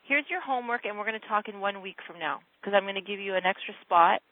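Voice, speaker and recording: A woman's voice: medium pitch, fast. A woman coach on a phone call with a client, talking in a direct, insistent and emphatic way. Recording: dry narrow phone line.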